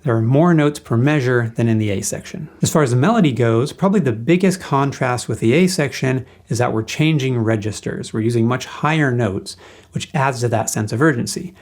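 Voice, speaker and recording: A man's voice: medium pitch, a little fast, a little mellow. Man explaining guitar solo theory. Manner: explains patiently, sings rhythms as "da". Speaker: guitar teacher. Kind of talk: music theory lesson.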